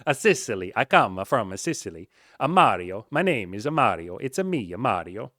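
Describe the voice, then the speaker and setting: A man hamming up a cheery Italian plumber with an exaggerated fake Italian accent, stretching his words slowly. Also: lowish voice, big pitch swings, pushed and bright, no echo, studio quality, exaggerated voice. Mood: hammy. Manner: slow, drawn-out words with a tacked-on "a".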